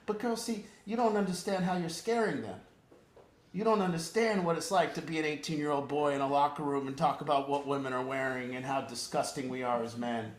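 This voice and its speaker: A man's voice: fairly high pitch, fairly even intonation, fairly quick, echoey room. A man leading an informal group talk as a recovery program counselor, earnest and emphatic, rambling with restarts.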